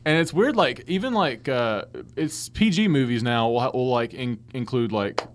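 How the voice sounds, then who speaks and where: A young man in casual conversation, playful and quick to laugh and agree. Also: mid-range voice, slight background noise. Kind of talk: casual chat.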